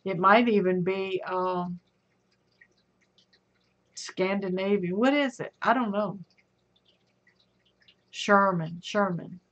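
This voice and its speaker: A middle-aged woman hosts a casual livestream, unhurried as she chats with viewers and reads out their comments. She calls them honey and sweetheart. The audio is dull and lo-fi. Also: medium pitch, fairly even intonation, a bit bright. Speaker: livestream host.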